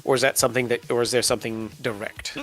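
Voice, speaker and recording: A man narrating as game master of a tabletop game, describing characters with frequent ums and pauses. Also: medium pitch, flat delivery, fairly bright tone, soft background music. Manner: halting, filler-heavy description.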